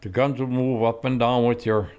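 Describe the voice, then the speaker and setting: A man's voice: mid-range voice, level tone, moderate pace, a little mellow, clean tone. An older man telling a story from his youth, acting out the voices of the people in it. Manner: reminiscing, acts out quoted voices. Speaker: guest.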